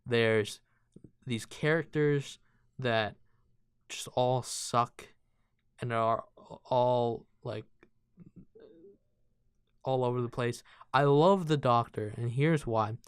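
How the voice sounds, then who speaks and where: A man's voice: mid-range voice, slow pace, pauses often, clear, resonant tone, no echo, studio quality. A man co-hosting a podcast, rambling through a casual movie review and acting out quotes from scenes. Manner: rambling, restarts often, acts out quotes. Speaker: podcast co-host.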